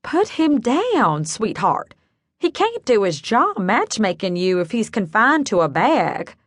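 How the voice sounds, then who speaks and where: A woman's voice: mid-range voice, very animated, slow, no room sound, clean studio sound. A woman voicing a plump, fussy male matchmaker with a slightly nasal Southern accent, drawling and theatrical. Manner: theatrical, drawling, calls people darling.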